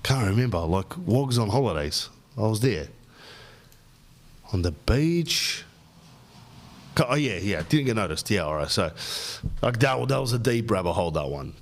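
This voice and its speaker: An Australian man hosting a podcast, telling stories in a rambling, slangy monologue. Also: medium pitch. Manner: rambling, slangy storytelling, says bro often. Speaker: podcast host.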